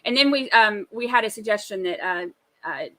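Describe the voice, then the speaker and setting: A woman's voice: mid-range voice, expressive, normal speed, no echo, poor audio. A woman, co-hosting a casual livestream and laughing often as she chats. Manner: giggly, chatty, laughs loudly. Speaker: co-host.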